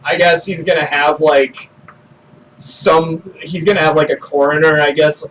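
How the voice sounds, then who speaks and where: Man GM, slow and laughing, slightly high voice, distant mic with faint hiss. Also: level tone, fairly bright tone. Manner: laughs often, halting with fillers. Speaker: game master. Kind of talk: narrating a tabletop game.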